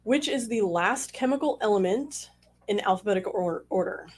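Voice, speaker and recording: A woman's voice: mid-range voice, expressive, normal speed, a little mellow. A woman co-hosting a casual live stream, reading out trivia questions and teasing her partner. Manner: playful, teasing, laughs often.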